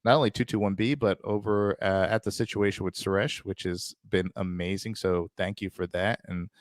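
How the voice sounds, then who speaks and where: A male co-host chats casually on a live stream, loose and upbeat. His voice sits on the low side of the middle range. The recording is dry and close. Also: fairly even intonation, normal speed, no room sound.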